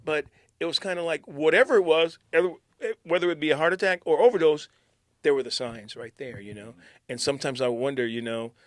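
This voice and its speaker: Animated male radio storyteller, dry sound. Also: fairly high pitch, brisk, no room sound. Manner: animated storyteller, acts out quotes, drops to near-whisper. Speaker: radio DJ recalling station stories. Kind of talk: casual storytelling chat.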